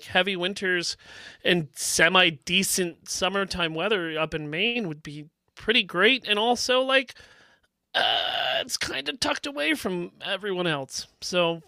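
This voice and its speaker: A man rambling on in a casual podcast chat, animated, with crude jokes. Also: sits high, dry recording, clean studio sound. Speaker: podcast co-host.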